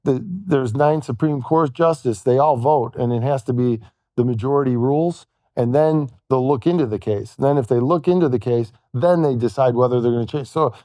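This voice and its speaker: A man telling a long personal story as a podcast guest, halting and quoting what others said to him. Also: mid-range voice, warm tone, no room sound, studio quality. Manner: halting, retells events with quoted dialogue. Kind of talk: storytelling in conversation.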